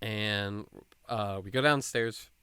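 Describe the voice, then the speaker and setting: A man's voice: on the low side, slow pace, clean tone, dry recording. A young man from hosting a podcast, telling a long rambling story in casual chat and acting out the people in it. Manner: rambling, animated, acts out quoted people. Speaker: podcast host.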